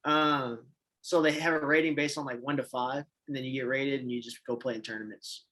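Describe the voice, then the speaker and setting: A man who is an assistant coach, a guest on a podcast, talking in a relaxed, rambling, self-deprecating way. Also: medium pitch, a little fast, rough recording. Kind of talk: casual chat.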